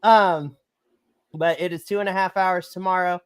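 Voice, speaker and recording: A woman, co-hosting a wrestling podcast in an excited chat, gushing and bursting into shrieks and laughter. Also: fairly low pitch, moderate pace, clear, resonant tone, no room sound. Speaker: podcast co-host. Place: home setup on a live stream call.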